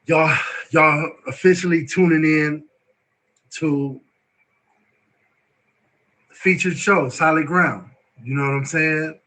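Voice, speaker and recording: A man hosting a live show, excitable and emotional, repeating words and filler phrases as he talks. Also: a little high, rough recording. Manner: excitable, emotional, repeats words and "you know what I'm saying". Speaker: host.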